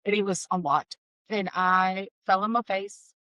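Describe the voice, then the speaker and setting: Bright-voiced woman, candid testimony. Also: mid-range voice, steady tone, measured pace, no room sound, muffled recording. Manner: candid and heartfelt, with wry asides. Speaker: guest sharing a personal testimony. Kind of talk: emotional personal storytelling.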